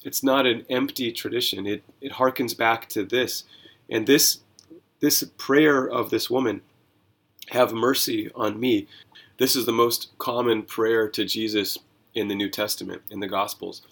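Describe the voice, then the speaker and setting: With a mid-range voice touched by vocal fry, this pastor talks at a moderate pace on his Bible reading podcast. He works through scripture conversationally and with energy, posing rhetorical questions.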